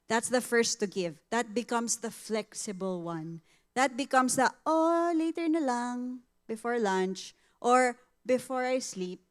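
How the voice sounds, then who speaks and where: A middle-aged woman with a Filipino accent, giving a conversational sermon testimony at a women's ministry, telling stories vividly, slipping into Tagalog and acting out what people said. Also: mid-range voice. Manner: animated storytelling, switching into Tagalog, acting out quotes.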